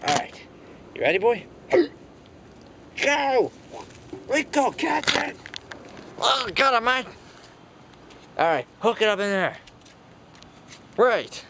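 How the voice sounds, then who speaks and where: A man with a high, bouncing voice plays out an improvised toy story, gasping and exclaiming as he switches between characters. He talks at an unhurried pace, his pitch swinging widely from line to line. A faint hiss sits under the recording. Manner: animated, with frequent gasps and exclamations. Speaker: toy-play storyteller voicing all characters. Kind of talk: improvised toy play narration.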